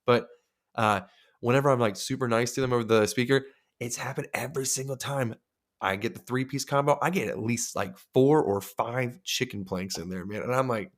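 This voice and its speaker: A man's voice: mid-range voice, a little fast. A man co-hosting a podcast, telling crude, joking stories in loose casual chat. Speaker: podcast co-host.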